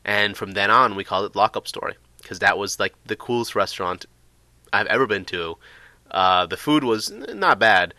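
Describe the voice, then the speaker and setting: Bright-toned man telling a rambling story. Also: fairly low pitch, dry recording. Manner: rambling, filler-heavy, excitable retelling. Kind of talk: casual storytelling.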